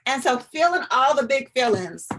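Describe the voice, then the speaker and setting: A woman psychologist giving an informal, chatty talk to parents, animated and now and then dropping into a soft whisper to show a point. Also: sits high, moderate pace, a little hiss or hum. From US, Atlanta area. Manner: chatty and animated, often drops to a demonstrative whisper.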